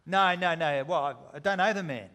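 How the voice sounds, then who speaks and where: A man's voice: a little high, normal speed, sharp tone. A man voicing a frightened fisherman who stammers out flustered denials. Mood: panicked denial. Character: frightened male fisherman denying his friend.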